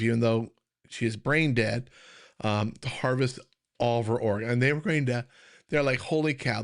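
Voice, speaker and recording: A middle-aged man from the United States hosts a casual live stream, speaking earnestly and plainly. He talks in a loose, everyday way, often restarting his sentences, and sounds like he is holding back emotion. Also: medium pitch. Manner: earnest, conversational, with frequent fillers and restarts. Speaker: kidney health coach hosting a live Q&A.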